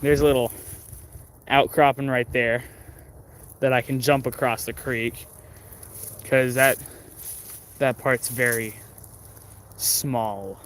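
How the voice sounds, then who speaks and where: A man's voice: mid-range voice, steady tone, slow pace, long pauses, fairly bright tone. A man chatting casually on a livestream as he walks through woods by a creek, rambling with many fillers and restarts. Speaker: livestream host. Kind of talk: casual livestream chat while walking. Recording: faint outdoor background noise.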